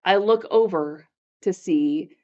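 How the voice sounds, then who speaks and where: A woman's voice: lowish voice, slow, highs cut off. A middle-aged woman hosting a faith podcast, telling a personal story in a chatty way and acting out the voices of the people in it. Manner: animated storyteller who acts out quoted dialogue. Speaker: podcast host.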